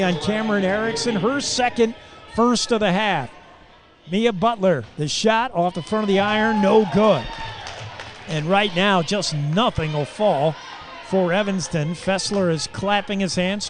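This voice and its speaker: High-voiced radio play-by-play man. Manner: rapid, energetic play calling, rising with the action. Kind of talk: live radio basketball commentary. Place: high school gym during a game. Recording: live gym broadcast with crowd noise. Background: crowd noise and bouncing basketballs.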